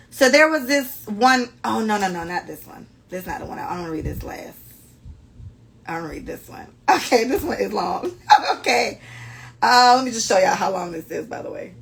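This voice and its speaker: Woman host with a gravelly, fried edge, blunt and profane, casual podcast storytelling. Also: medium pitch. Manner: blunt and profane, animated commentary. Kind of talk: casual podcast chat, reading listener stories aloud.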